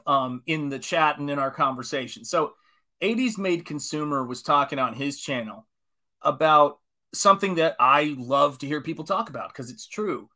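A man's voice: on the high side, bright, forceful tone. A man in his forties, an artist chatting casually on a live stream while painting, enthusiastic and rambling as he greets viewers. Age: 40s.

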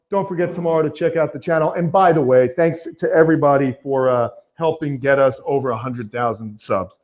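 A man's voice: a little high, normal speed, darkish tone. A man hosting a casual live stream about reptiles, rambling and upbeat, with lots of fillers, greeting viewers by name. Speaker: reptile keeper and channel host.

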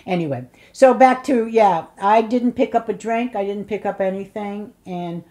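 In this oral history interview, an older woman with Polish immigrant roots spins blunt, humorous tales, mimicking people's voices and throwing in their curses. Her medium-pitched voice is warm and moves at a normal speed.

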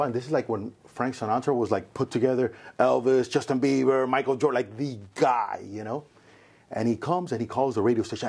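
A man hosting a casual podcast interview, telling a story with lively quoted voices. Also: mid-range voice, husky. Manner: bald. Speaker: podcast host.

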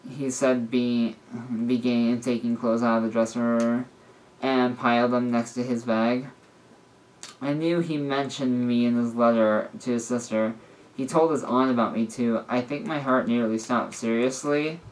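A man's voice: mid-range voice, fairly even intonation, moderate pace, low-quality recording. A man casually reading a story aloud, often stumbling and correcting himself. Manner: stumbling, with frequent restarts and self-corrections. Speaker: story reader.

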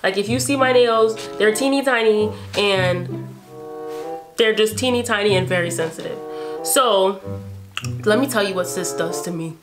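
A woman's voice: mid-range voice, moderate pace. A young woman in her twenties from New York, casually telling a story and animatedly acting out her own reactions, with music playing behind her. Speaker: beauty vlogger.

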